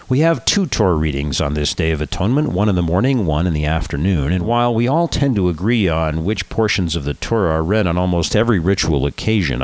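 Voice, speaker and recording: A man who is a rabbi, hosting a radio talk show and telling jokes in an animated storytelling manner. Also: sits low, no echo.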